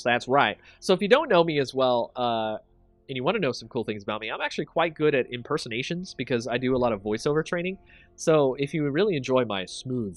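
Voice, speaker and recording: An excitable male streamer thinking out loud through his card picks and bantering with chat, his pitch leaping up and down as he gets hyped. The sound is close and dry, with soft music playing underneath. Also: no room sound. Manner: excitable, chatty, thinks aloud and laughs a lot. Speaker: streamer and channel host. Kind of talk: casual game commentary with chat.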